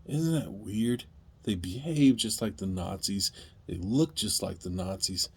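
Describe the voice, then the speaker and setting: A man speaking directly to viewers in an impassioned, emphatic monologue, pleading at times and rising to loud outbursts. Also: on the low side, measured pace, breathy edge. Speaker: video commentator.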